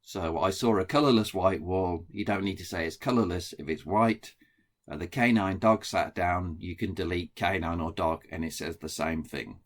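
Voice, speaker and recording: Middle-aged black country guy giving a lecture, lowish voice, lots of ums. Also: normal speed. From England. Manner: plain explanatory, with frequent ums and restarts. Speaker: researcher. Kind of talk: recorded lecture.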